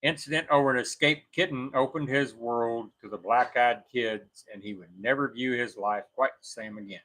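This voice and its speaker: A man with a bright, forceful voice reads a creepy story aloud for his co-host. He keeps a steady storytelling pace and stops to fix his own slips as he goes. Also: mid-range voice, normal speed, low-quality recording. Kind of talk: reading a scary story aloud on a talk show.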